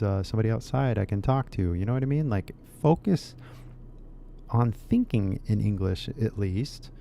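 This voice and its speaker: Man, Californian accent, gravelly fry, laid-back rambling, casual English lesson. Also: fairly low pitch, mellow, slight background noise. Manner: laid-back, musing, drawn-out phrases. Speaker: English teacher.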